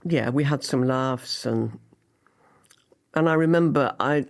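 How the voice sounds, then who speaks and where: A woman's voice: rumbling low, slow. A woman in her seventies from Liverpool, a guest actress telling anecdotes in an interview and acting out her own past thoughts as she goes. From Liverpool, England. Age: 70s.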